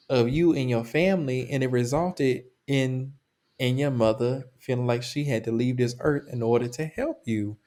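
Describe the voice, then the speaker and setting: A man's voice: medium pitch, normal speed. Brief: male podcast co-host, emphatic, rambling, conversational. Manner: animated, rambling, emphatic repetition. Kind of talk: casual podcast chat.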